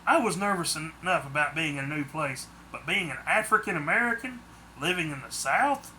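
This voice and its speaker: A man reads his own book aloud as plain first-person audiobook narration. His voice is high and very bright, with a sharp edge. The storytelling is steady and unadorned. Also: a little fast, slight background noise.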